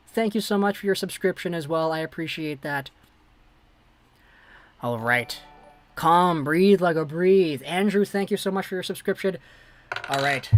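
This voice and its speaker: A woman hosting a fan livestream, giving live play-by-play that swings between hushed worry and excited shouting. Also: on the low side. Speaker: livestream host.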